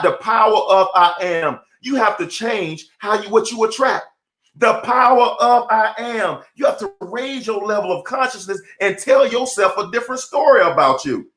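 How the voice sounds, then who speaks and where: A man giving a live-streamed motivational talk, energetic and preachy, with casual slang, greeting viewers by name as he goes. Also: high voice, reverberant. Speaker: motivational speaker.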